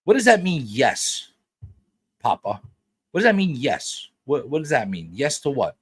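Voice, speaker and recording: A man's voice: medium pitch, huge pitch swings, measured pace, breathy edge. A man hosting a live stream in casual chat, rambling and repeating his words as he greets viewers by name.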